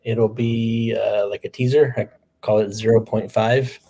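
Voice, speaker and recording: A man's voice: on the low side, little pitch movement, measured pace, warm tone. Easygoing male guest from the Southwest, casual chat tone. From American Southwest. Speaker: podcast guest.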